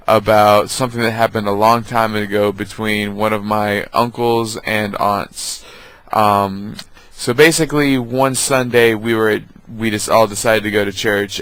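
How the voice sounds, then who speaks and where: A man vlogger telling funny family stories in a casual, halting way, with many ums. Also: on the low side, fairly bright tone, dry recording, low-quality recording. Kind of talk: casual storytelling.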